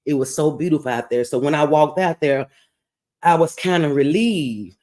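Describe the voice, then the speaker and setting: A woman podcast host telling a testimonial story, animated, laughing and preachy. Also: low-pitched, normal speed.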